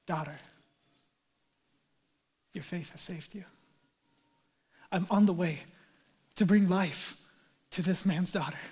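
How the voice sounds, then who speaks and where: A man's voice: high-pitched, a little mellow. A man in his thirties, a pastor preaching a sermon in an earnest, conversational way with casual asides.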